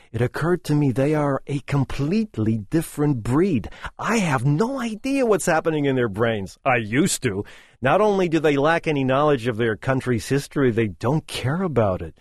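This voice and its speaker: A man's voice: fairly high pitch, lively intonation, normal speed, dry recording, studio quality. A middle-aged man hosting a radio talk show, sardonic and opinionated in his delivery. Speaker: radio host.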